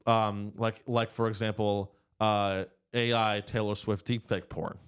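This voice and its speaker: A man in his thirties hosts a casual comedic podcast from a studio, rambling and crude, cracking plenty of jokes and swinging his pitch widely. His delivery is flat and his pace measured, with a clear, resonant tone.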